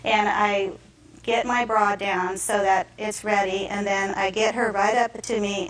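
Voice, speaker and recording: A woman defendant giving courtroom testimony, retelling events in an animated way and acting out the quotes. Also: mid-range voice, a little hiss or hum. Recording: echoey courtroom from far off.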